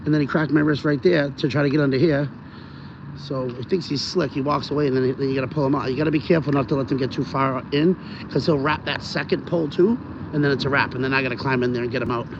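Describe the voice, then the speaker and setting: A man's voice: mid-range voice, steady tone, quick pace. A man streaming live from his phone while walking his dog outdoors, rambling casually and talking straight to his viewers. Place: outdoors on a rainy city street. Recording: dull phone audio with street noise.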